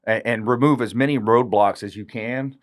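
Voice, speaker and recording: A man's voice: mid-range voice, moderate pace. A man, a real estate agent on a podcast, explaining negotiation with examples and rhetorical questions. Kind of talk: casual podcast chat.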